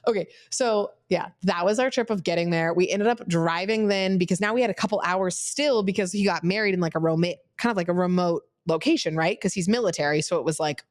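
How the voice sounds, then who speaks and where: A young woman, hosting a podcast and retelling a travel mishap in a lively, dramatic way with laughter. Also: lowish voice, fairly quick, hardly any pauses, dry recording, clean studio sound. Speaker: podcast host. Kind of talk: casual storytelling.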